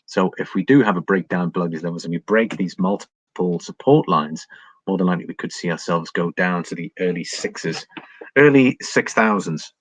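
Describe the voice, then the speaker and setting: Deep-voiced English man on a livestream. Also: animated, moderate pace, husky, dry recording, low-quality recording. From England. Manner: thinking aloud with many ums, chatting with viewers. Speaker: livestream market commentator. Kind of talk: casual livestream chart analysis. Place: home, living in Ireland.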